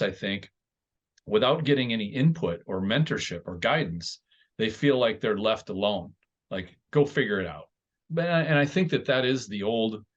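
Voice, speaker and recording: A man with a fairly low voice hosting a podcast, laying out his thoughts in a measured, explanatory way. The sound is dull and lo-fi, with muffled top end. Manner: measured, explanatory, builds points step by step. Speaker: podcast host. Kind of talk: conversational podcast talk.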